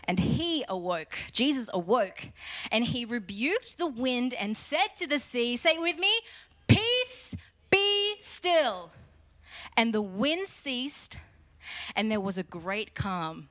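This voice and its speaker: A young woman preaching with lots of energy, her pitch swinging all over as she tells the story. She mixes casual jokes into the sermon and now and then breaks into loud, acted-out lines. Her voice sits a bit high. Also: expressive, a little slow, no echo. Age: young adult. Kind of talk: lively sermon.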